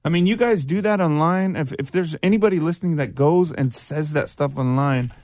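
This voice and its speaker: Middle-aged male guest, gravelly, dry close mic, loose and jokey delivery. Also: on the high side, brisk, a little mellow, no room sound. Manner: rambling, loose, jokey, many fillers. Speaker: guest musician. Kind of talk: casual podcast interview.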